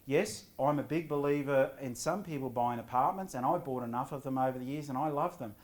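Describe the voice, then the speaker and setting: A middle-aged man giving a property investment seminar to a live audience, lively and often quizzing the crowd. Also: mid-range voice. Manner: energetic, quizzes the audience with quick questions.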